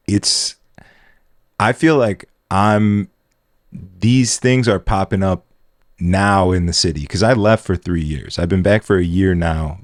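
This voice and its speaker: A man's voice: sits low, no room sound, studio quality. A man hosting a podcast, chatting in a loose, casual way with swearing and "bro". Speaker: podcast host.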